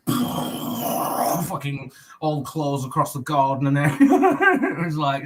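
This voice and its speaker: A man's voice: on the high side, wildly swooping pitch, takes it slowly, fairly bright tone. A man in casual livestream chat, talking in a chatty, repetitive way and swearing freely. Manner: chatty, swears, repeats "trust me" and "you know what I mean". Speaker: co-host.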